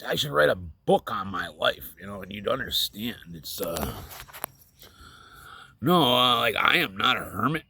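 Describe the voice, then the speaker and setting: Gravelly, halting middle-aged man. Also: lowish voice, very animated, pushed and bright, no room sound. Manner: rambling, halting, many fillers and restarts. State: emotional, voice dropping to near whisper. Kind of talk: candid personal vlog monologue.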